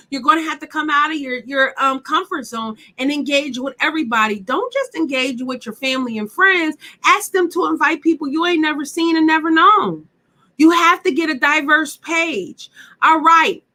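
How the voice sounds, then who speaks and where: A woman's voice: high-pitched, sharp tone. A woman leading a live online workshop, talking emphatically and chattily, repeating her points and asking the audience direct questions. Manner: talks straight to the audience with questions. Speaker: workshop instructor.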